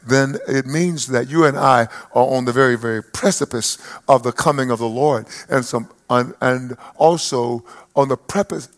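An older male pastor in his seventies, with a gravelly mid-pitched voice, preaches a sermon to a live congregation during a church service. He swells into loud, emphatic peaks, then drops back to soft, reflective, personal asides.

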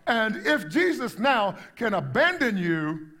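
Male pastor, high voice, emphatic sermon delivery with repeated words. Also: big pitch swings, takes it slowly, pushed and bright. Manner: emphatic preaching, rising to exclamations, repeats words.

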